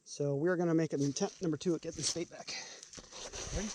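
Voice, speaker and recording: A man's voice: a little high, steady tone, fast talker, heavy background noise. A man in his forties from California, chatting and joking at himself as he wades into a pond. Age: 40s. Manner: joking, self-mocking, chatty. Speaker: fishing vlogger. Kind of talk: casual outdoor chat. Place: outdoors at a pond, wading and swimming.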